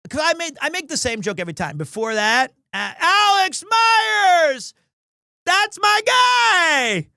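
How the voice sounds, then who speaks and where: A man's voice: high-pitched, sharp tone, clear, resonant tone, no room sound, clean studio sound. A young man streaming live, telling a rambling story with lots of restarts and chatting with viewers. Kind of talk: casual livestream chat.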